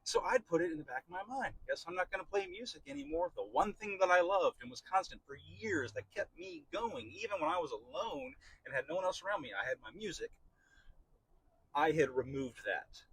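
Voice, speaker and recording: A man's voice: a little high, lively intonation, fairly quick, a bit bright, slightly rough, dry recording, low-quality recording. A middle-aged man hosting a podcast, talking through a candid personal monologue in a rambling, repetitive way with frequent swearing. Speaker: podcast host.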